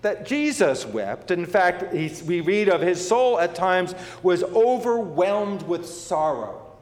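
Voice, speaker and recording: Guy preaching a sermon, kinda high voice, keeps repeating himself for emphasis, big echoey church sound. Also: slow. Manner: repetitive, emphatic, with frequent fillers and restarts. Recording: echoey hall with long reverb.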